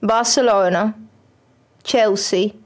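A young woman, streaming a football manager game and chatting excitedly at it. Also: mid-range voice, takes it slowly. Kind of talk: casual game commentary.

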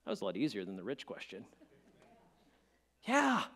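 A man preaching a sermon as pastor, dropping to a hush and then rising to emphatic peaks, with stammering restarts. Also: on the low side, wildly swooping pitch, normal speed. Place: church sanctuary. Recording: long church-hall reverb.

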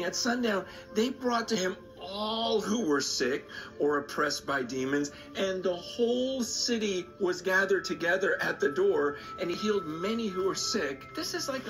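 Passionate preacher man over music. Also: rough recording. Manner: emphatic and passionate, rising and falling in pitch. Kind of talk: recorded sermon video.

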